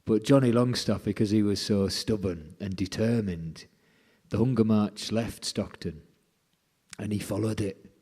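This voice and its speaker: A folk musician being interviewed, retelling a story with lively quoted dialogue. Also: male voice, fairly low pitch.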